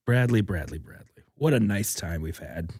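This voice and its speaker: A man's voice: low voice, lively intonation, normal speed, a little mellow, husky, no echo, clean studio sound. A man from the Midwest hosting a comedy podcast in casual chat, joking and riffing playfully. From American Midwest. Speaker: podcast host.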